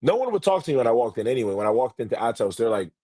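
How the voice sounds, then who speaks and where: A man telling a story in casual podcast talk, animated and swearing freely, acting out what people said. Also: mid-range voice, rapid-fire, breathy edge, no room sound. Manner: animated, swears a lot, acts out quotes. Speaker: interviewer for a grappling promotion.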